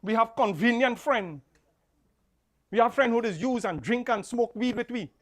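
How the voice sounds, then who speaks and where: A man, an officiating pundit preaching a funeral sermon, repeating key lines and swinging between soft and loud. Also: very high-pitched, animated, normal speed.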